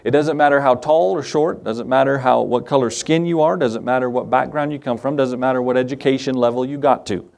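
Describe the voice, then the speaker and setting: A man's voice: mid-range voice, fairly quick, vocal fry, hardly any pauses, darkish tone. A man pastor delivering a sermon, emphatic, posing questions and answering them himself. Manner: emphatic, asks and answers his own questions.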